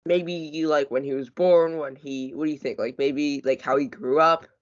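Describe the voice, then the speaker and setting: A male student answers his tutor hesitantly, filling gaps with "like" and "maybe." His voice sits a little high, and the recording is dull and muffled. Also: steady tone, moderate pace. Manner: hesitant, many fillers. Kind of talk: casual classroom talk.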